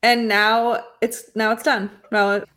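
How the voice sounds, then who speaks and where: A woman's voice: fairly high pitch, little pitch movement, a little slow, a bit bright. A woman co-hosting a casual podcast, with dry, teasing quips. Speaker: podcast co-host. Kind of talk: casual chat.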